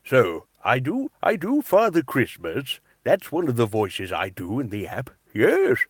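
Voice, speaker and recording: A man putting on a slow, jolly voice as an old Father Christmas storyteller. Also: mid-range voice, huge pitch swings, breathy edge, no room sound, exaggerated voice.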